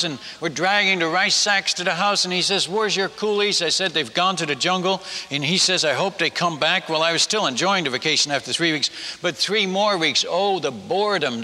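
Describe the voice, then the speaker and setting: Folksy missionary telling tales in a hall. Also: male voice, fairly high pitch. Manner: folksy, animated storyteller, chuckles at his own tales. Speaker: missionary speaker. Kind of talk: humorous story told to a congregation. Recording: long reverb of a large hall.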